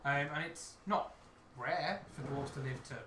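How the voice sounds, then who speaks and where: Bright-voiced man running a tabletop game. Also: medium pitch, unhurried, roomy sound, slight background noise. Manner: lively, jokey, switches into put-on accents. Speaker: dungeon master.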